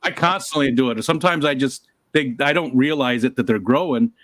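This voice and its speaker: A man's voice: medium pitch, brisk, no echo, clean studio sound. A man co-hosting a casual chat, joking and acting out the lines of people in his stories. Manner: expressive, jokey, acts out quotes.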